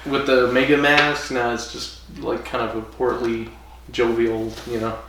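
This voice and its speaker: A man's voice: mid-range voice, steady tone, a little slow, far from the mic. A man co-hosting a casual podcast, cutting in with jokes and laughing often. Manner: joking interjections and frequent laughter. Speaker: podcast co-host. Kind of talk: casual chat. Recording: echoey room, off-mic, faint noise.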